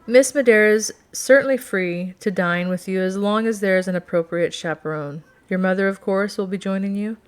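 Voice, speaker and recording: A woman's voice: mid-range voice, normal speed, few pauses, clean tone, lightly acted. A woman reading aloud, voicing a proud young captain who speaks in a clipped, restrained way. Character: proud young male captain, guarded temper.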